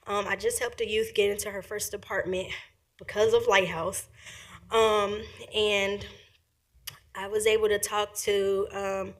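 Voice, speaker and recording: Young woman giving a quick public comment. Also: medium pitch, level tone. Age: young adult. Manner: quick, earnest and grateful, with frequent fillers. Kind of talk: public comment at a county meeting. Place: county commission meeting room.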